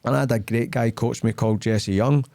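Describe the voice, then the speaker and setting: A man's voice: medium pitch, fairly quick, vocal fry, dry recording, clean studio sound. A middle-aged man with a Glaswegian Scottish accent, hosting a casual podcast and acting out dialogue as he tells stories. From Glasgow, Scotland. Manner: animated storyteller acting out dialogue. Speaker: podcast host, sales leader.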